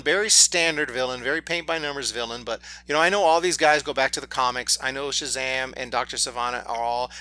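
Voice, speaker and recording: A man's voice: medium pitch, pushed and bright. A man reviewing a movie in an opinionated rant, exasperated and nitpicking as he complains.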